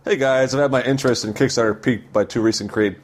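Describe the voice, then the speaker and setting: A man's voice: medium pitch, fairly even intonation, fast. A man co-hosting a casual podcast, reading listener emails aloud and breaking into laughter. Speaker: podcast co-host.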